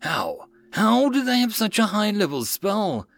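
A man's voice: high voice, sing-song, a little slow, creaky, fairly bright tone, no room sound, pitched above the performer's own voice, exaggerated voice. A man voicing an arrogant male imperial lord who roars his commands. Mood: furious. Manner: roaring, haughty and angry.

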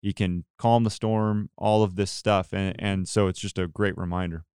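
A man's voice: low voice, fairly even intonation, moderate pace, a little mellow, smooth, no room sound, studio quality. A man hosting a casual church podcast chat, earnest and rambling with many restarts. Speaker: podcast host.

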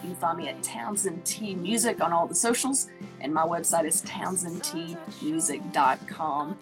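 A woman's voice: lowish voice, normal speed, music in the background. A woman hosting an interview, effusive and enthusiastic, who often repeats her praise. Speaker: interview host, singer-songwriter. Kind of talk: casual interview chat.

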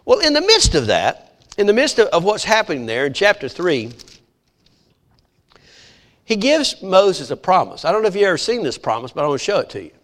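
Preacher guy, high voice, all over the place with it, acting out the story lines. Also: a little fast, pauses often. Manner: animated storytelling, acting out voices of biblical figures. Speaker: pastor. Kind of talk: sermon.

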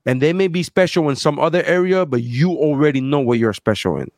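A man tells a story in casual chat, playing out each person he quotes. His voice sits a little high for a man. The sound is close and dry. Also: fast, no room sound. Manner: animated, acts out quoted people.

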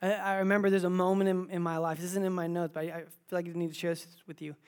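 A man in his thirties preaching a sermon as pastor, moving between quiet, intimate asides and loud, emphatic exclamations. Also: sits high, level tone, fast, clear, resonant tone. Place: church.

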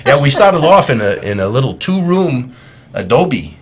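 A man's voice: medium pitch, big pitch swings, normal speed, lightly acted. A man playing a restless pioneer husband with a put-on New York accent, chatting in character. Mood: boastful. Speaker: costumed history performer. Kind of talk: in-character historical chat.

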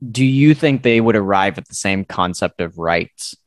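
A man's voice: on the low side, lively intonation, normal speed, no room sound. Hesitant, thoughtful man, dry sound. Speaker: guest, military veteran. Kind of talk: casual chat.

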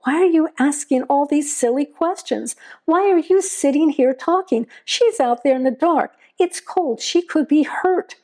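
A woman's voice: normal speed, warm tone, natural voice. A woman voicing a distraught young mother, breathless and strained with fear for her missing child. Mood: frantic. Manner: breathless, pleading, rising to shrill.

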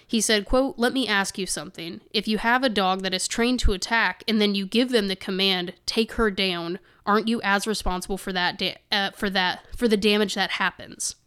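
A woman co-hosting a chatty podcast, her voice smooth and resonant at a middling pitch. She reads news passages aloud and breaks off for indignant, sarcastic remarks. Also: steady tone, normal speed, few pauses, a bit bright. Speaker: podcast co-host. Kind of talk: casual chat, reading news excerpts aloud.

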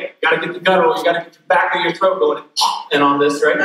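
Energetic preacher in an echoing hall. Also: male voice, sits high, fast talker. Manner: energetic, interactive, joking asides. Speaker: pastor. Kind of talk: sermon. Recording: echoey hall from far off.

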